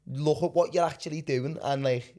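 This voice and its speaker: A man's voice: a little high, normal speed, warm tone. A man hosting a podcast in casual banter, chiming in often with agreement and jokes. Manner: laid-back banter, frequent agreeing backchannels. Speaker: podcast host.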